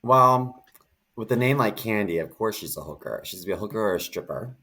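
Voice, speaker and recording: A man's voice: fairly low pitch, lively intonation, brisk, sharp tone, breathy edge. A man co-hosting a podcast in casual chat, throwing in crude jokes and wisecracks. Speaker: podcast co-host.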